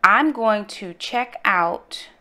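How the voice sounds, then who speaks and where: Bright-voiced woman telling a story. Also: mid-range voice, very slow. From North Carolina, USA. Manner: animated, testifying, addresses viewers as y'all. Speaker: vlogger, mother. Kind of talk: casual storytelling.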